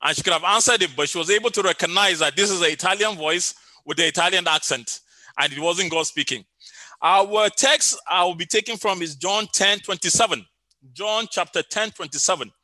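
A man's voice: sits high, a little fast, sharp tone, no room sound. A middle-aged man preaching a sermon over an online call, telling a story with many fillers and repeated phrases.

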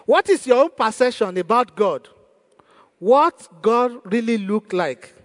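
A man's voice: very high-pitched, expressive, measured pace, a bit bright, in a large hall. A man preaching a sermon as pastor, asking rhetorical questions and repeating praise to the congregation.

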